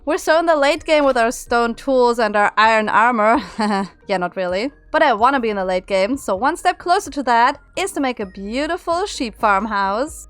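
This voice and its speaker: A young woman chats her way through her game build in a playful, self-mocking voice-over. Her voice sits a touch high and comes across smooth and clean on a close mic. Soft music plays quietly underneath. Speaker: Minecraft YouTuber.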